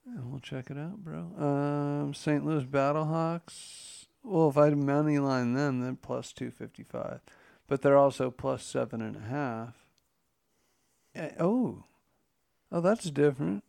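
A man with a gravelly, creaky edge, co-hosting a laid-back podcast. He talks loosely and jokes along, dropping the odd curse word. His pitch sits in an ordinary middle range. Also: darkish tone. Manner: loose, joking, swears casually. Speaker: podcast co-host. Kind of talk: casual chat.

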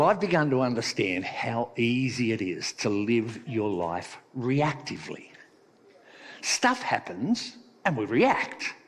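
A man preaching a sermon in a conversational storytelling manner, with echoey hall reverb. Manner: conversational storytelling, sometimes soft and low.

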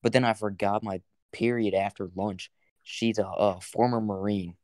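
Animated young man telling a story. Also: fairly low pitch, moderate pace, no echo, studio quality. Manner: lively, animated storytelling, swears freely. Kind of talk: casual chat.

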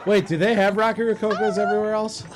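A man's voice: high-pitched, level tone, fast talker, loud music behind the voice. A man in a studio cracking jokes with friends during a slots session. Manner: wisecracking, dry jokes. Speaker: show co-host. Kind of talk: casual group banter while gambling.

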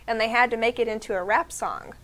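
A woman, co-hosting a casual radio chat, playful and quick to laugh, with a lingering cough. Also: a little high, fairly bright tone. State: has a cough. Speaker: radio show co-host. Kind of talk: casual morning-show chat.

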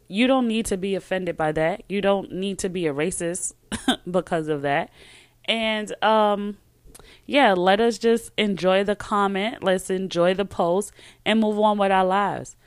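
Her voice sits mid-range, steady and clear with a resonant quality, at a measured pace and without echo. She hosts a podcast by herself, casually chatty and emphatic, frequently breaking off to start over, and reads a sponsor ad.

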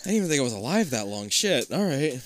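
A man's voice: mid-range voice, big pitch swings, quick pace, slight background noise. A man with a lisp, chatting casually with a friend and reading a game book aloud, laughing and swearing as he gets sidetracked. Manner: laughing, profane, easily sidetracked. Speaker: co-host reading a choose-your-path book aloud.

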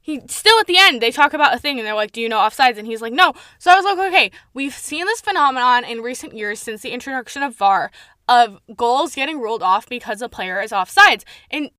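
Excitable high-voiced woman podcaster. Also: a little fast, dry recording, clean studio sound. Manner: animated, gushing fan, swears for emphasis. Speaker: podcast host. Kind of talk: solo podcast review, excited ranting. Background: faint intro music at the end.

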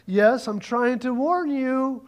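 A calm talking parrot, as a man puts it on in a sermon joke. It speaks slowly and deliberately, with a high voice. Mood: earnest.

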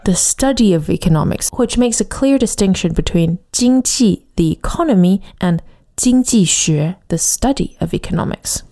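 A woman leads a podcast language lesson in a relaxed, warm-toned voice. She explains each point clearly, slowing right down to say the example words. Her pitch sits in an ordinary middle range. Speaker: language teacher.

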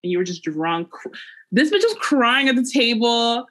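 A woman's voice: fairly high pitch, very animated, moderate pace, fairly bright tone. A young woman in her twenties chatting with friends, teasing and emphatic, swearing casually. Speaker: friend co-telling the story.

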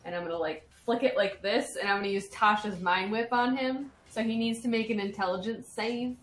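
A woman's voice: medium pitch, a little fast, echoey room, slight background noise. Bubbly woman playing in a tabletop game. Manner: bubbly, describes her actions. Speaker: player. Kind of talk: casual tabletop game chat.

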